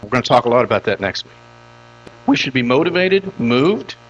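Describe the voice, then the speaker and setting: Older man, pastor's sermon voice, animated pitch, repeats lines for emphasis. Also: fairly quick, dull audio. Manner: emphatic, repeats phrases for stress.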